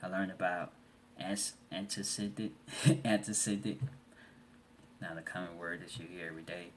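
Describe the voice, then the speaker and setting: A man student reflecting aloud on a course reading for a discussion forum, halting and restarting often as he reads out quotes. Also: low voice, little pitch movement, fairly bright tone, slight background noise.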